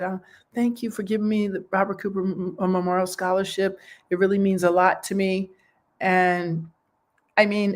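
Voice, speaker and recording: A woman hosting a show, talking in a casual, heartfelt way and often checking in with "okay?" and "you know". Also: sits low. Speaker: host.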